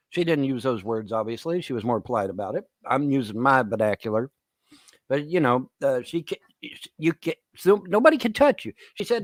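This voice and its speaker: A man hosting a live stream, telling a long profane story and then shouting angry threats at a caller. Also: on the high side, big pitch swings, normal speed, no room sound. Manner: profane, rambling, retells others' words. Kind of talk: heated live stream chat.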